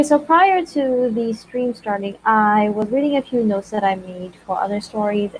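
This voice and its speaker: A woman's voice: fairly high pitch, slight background noise, rough recording. A woman in her thirties hosting a casual writing livestream, bubbly and greeting viewers by name. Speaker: livestream host.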